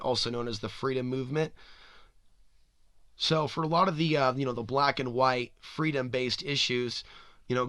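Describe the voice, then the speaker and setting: A man's voice: mid-range voice, a bit bright, dry recording. A man hosting a podcast, talking in a rambling, speculative monologue full of "you know" and restarts. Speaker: podcast host. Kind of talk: spoken monologue.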